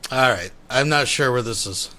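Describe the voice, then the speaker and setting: A man's voice: mid-range voice, moderate pace, bright, forceful tone. A man hosting a commentary show, talking offhand to his viewers while he pulls up clips. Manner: offhand, mutters while browsing. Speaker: commentary channel host. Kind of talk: casual reaction commentary.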